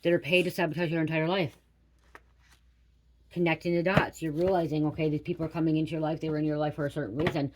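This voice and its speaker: A woman's voice: deep voice, little pitch movement, quick pace, slight background noise. A middle-aged woman giving a casual spiritual reading to camera. She rambles, swears bluntly and keeps checking in with "okay?". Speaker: tarot reader.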